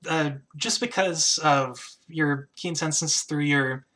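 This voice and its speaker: A game master narrates a tabletop game in a bright, sharp voice. The telling is casual and hesitant, full of fillers and restarts. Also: mid-range voice, takes it slowly. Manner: hesitant narration with many "uh" and "kind of".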